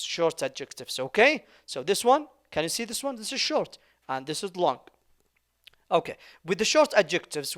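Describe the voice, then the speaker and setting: Man, teacher, high voice, unhurried, repeats phrases, keeps asking "okay?". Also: a bit bright. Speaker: English teacher. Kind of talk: slow classroom explanation.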